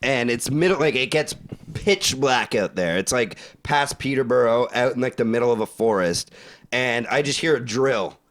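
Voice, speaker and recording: A man's voice: medium pitch, lively intonation, moderate pace, a bit bright. A young man, co-hosting a podcast and telling a long story in casual chat, rambling, swearing a lot and laughing. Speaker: podcast co-host.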